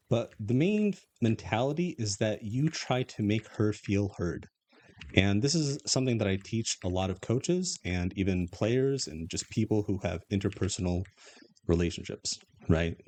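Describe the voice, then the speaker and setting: A man's voice: low-pitched, a little mellow. Man coaching, tagging points with "right?". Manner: explanatory, rhetorical "right?" tags. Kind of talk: casual advice monologue.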